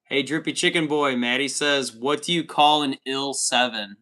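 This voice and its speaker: An upbeat American man hosts a casual livestream and reads viewer messages aloud. His voice has a bright, forward edge, and the pitch sits mid-range. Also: moderate pace. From United States. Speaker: livestream host.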